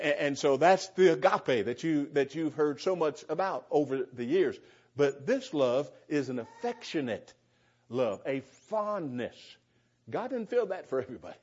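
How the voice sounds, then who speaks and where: Husky man preaching a homey sermon. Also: fairly high pitch, a little mellow. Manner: conversational, repeats words when starting, chuckles. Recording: dull, lo-fi recording.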